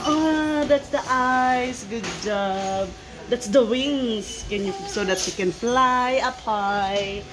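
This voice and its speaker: A young woman playfully teaching her toddler animal names, praising slowly and imitating animal sounds at home. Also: a little high, over music. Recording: noisy home recording.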